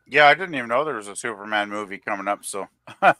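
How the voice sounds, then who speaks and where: A man with a bright, smooth voice co-hosting a casual live stream. He reads viewer comments aloud, chuckling and filling pauses with "uh." The sound is dry and close. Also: lowish voice, no echo. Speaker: co-host reading the chat. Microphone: remote call on a streaming panel.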